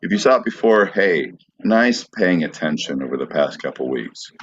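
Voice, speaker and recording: A man's voice: deep voice, expressive, moderate pace, lo-fi sound. A man hosting a podcast in easygoing, rambling casual chat. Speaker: podcast host.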